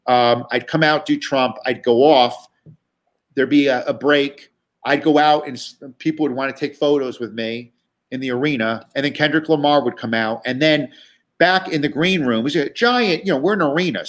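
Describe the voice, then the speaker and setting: A man's voice: mid-range voice, fairly bright tone. A man telling tour stories in a chatty, profane way with many restarts and fillers. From New York. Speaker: guest comedian. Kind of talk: casual storytelling.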